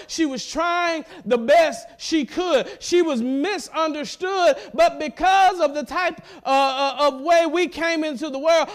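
A middle-aged man, preaching a sermon with emphatic repetition. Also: very high-pitched. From central Mississippi. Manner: emphatic preaching, repeats words, warm laughs. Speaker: pastor.

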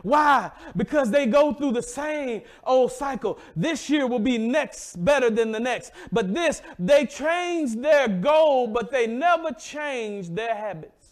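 A man's voice: extremely high pitch, expressive, slow, hardly any pauses. A male pastor preaching a sermon emphatically and calling out to congregation members by name.

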